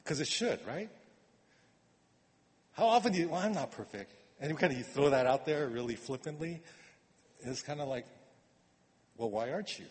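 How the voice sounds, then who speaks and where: A man preaching a sermon in a conversational way, repeating words and swinging from quiet asides to emphatic urging. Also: fairly high pitch, animated, moderate pace, long pauses. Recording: long reverb of a hall.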